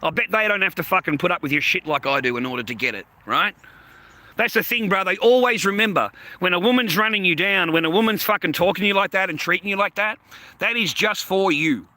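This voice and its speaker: A man's voice: high-pitched, lively intonation, quick pace, bright, forceful tone, no echo. A middle-aged man ranting on a livestream, blunt and crude, swearing constantly. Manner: crude, profanity-heavy, blunt.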